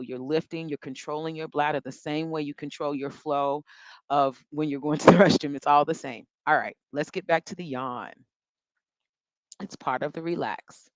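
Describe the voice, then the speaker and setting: A woman's voice: low-pitched, no room sound. A woman vocal coach leading a workshop, giving chatty, encouraging instructions and demonstrating yawns and breaths as she teaches.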